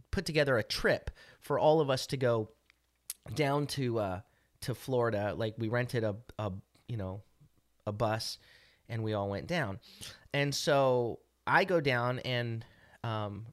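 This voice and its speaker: A man's voice: medium pitch, no echo, clean studio sound. A middle-aged man co-hosting a podcast, telling a story casually in a rambling way with many restarts and fillers. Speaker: podcast co-host.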